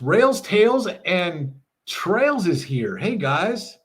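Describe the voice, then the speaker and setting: A man's voice: high voice, big pitch swings, takes it slowly, breathy edge. A middle-aged man hosting a casual livestream, chatting with viewers and reading their messages aloud with frequent laughs. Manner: chatty, laughs often, reads chat aloud. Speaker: livestream host. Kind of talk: casual live chat reading. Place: home RV.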